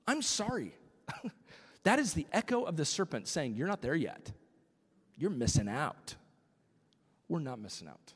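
A man's voice: medium pitch, slightly rough, big-room sound. A man preaching a sermon as pastor, acting out quotes and dropping to a whisper for emphasis.

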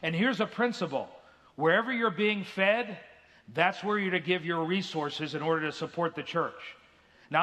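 A man in the pulpit delivering an earnest sermon in a high-pitched voice. His tone is bright and forceful, and he slips into acted voices to tell his stories. The sound carries through a big church sanctuary with a long, ringing reverb. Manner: earnest preaching, acts out quoted voices. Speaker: pastor.

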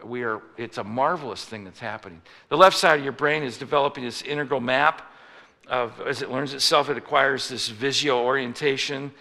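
Gravelly, bright-voiced preacher in a reverberant hall. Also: male voice, medium pitch, a little fast. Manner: conversational, with frequent restarts and acted-out anecdotes. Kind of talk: sermon.

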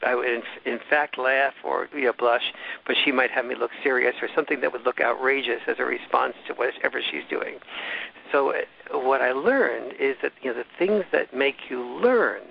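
A man's voice: mid-range voice, normal speed, vocal fry, slight background noise. A man as an interview guest, explaining things at length in a discursive, casual way with frequent restarts. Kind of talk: casual storytelling in conversation. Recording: dull, slightly lo-fi recording.

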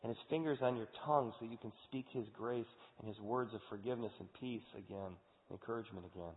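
A man's voice: fairly low pitch, fast talker. A male pastor delivers a sermon in an earnest, conversational manner. His voice rings with long hall reverb and sounds thin, like over a phone line.

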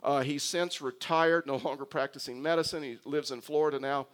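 Man preaching with a slightly high voice. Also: fairly even intonation, brisk, a bit bright. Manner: humorous storytelling with frequent restarts. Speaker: pastor. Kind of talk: sermon.

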